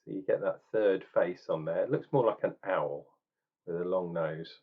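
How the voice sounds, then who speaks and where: A man's voice: sits low, normal speed, husky, narrow, tinny audio. A man chatting casually while tasting and reviewing a beer, thinking aloud with ums and restarts.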